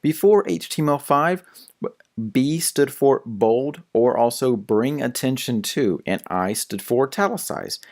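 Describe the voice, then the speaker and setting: A man's voice: medium pitch, expressive, measured pace, a little mellow. A young adult man narrating a recorded lecture on web development in a plain explanatory way, with a few small restarts.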